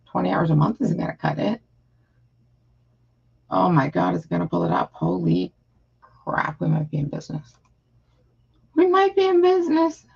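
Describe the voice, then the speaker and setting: A woman talks casually to her live stream viewers, her voice gravelly and husky. She rambles, frustrated, full of fillers and restarts. The audio is dull and lo-fi. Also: fairly low pitch, steady tone, normal speed, long pauses.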